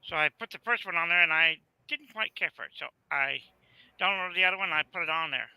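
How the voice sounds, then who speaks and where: A man's voice: on the high side, quick pace, sharp tone, clear, resonant tone, dry recording, poor audio. A man from Arizona, telling rambling folksy stories in a casual video chat. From Arizona, USA. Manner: rambling storyteller, folksy, repeats "right there".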